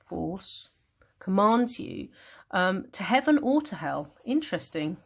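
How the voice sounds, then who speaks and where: A woman with a British accent teaching a revision lesson. She thinks aloud, corrects herself and reads verse lines slowly. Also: medium pitch, very animated, creaky. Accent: British English. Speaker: English literature tutor. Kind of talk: revision lesson, annotating a text.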